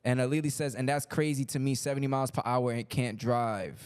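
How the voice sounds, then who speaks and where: A man's voice: medium pitch, fairly quick, clean tone. A man co-hosting a podcast, reading out viewer comments and chatting casually with his friends. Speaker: podcast co-host reading chat. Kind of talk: casual chat.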